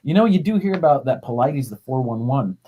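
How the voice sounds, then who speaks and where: A man's voice: medium pitch, animated, brisk, lo-fi sound. A man co-hosting a podcast in casual chat, chiming in with teasing remarks and tangents. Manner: teasing, chatty interjections. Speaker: podcast co-host.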